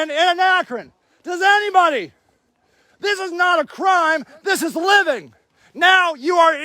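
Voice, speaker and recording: A man livestreaming from a homeless camp sweep, shouting angrily and confronting officials. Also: extremely high pitch, animated, a little slow, no room sound, studio quality. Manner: shouting, furious, accusatory. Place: outdoor homeless camp in snow.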